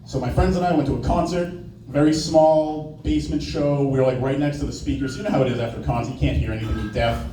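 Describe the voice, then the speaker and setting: A young stand-up comedian does a casual, profane set in a small open-mic room, telling stories and dropping into brief put-on voices. He speaks quickly in a medium, dark-toned voice with fairly even intonation, captured off-mic in an echoey room with faint noise.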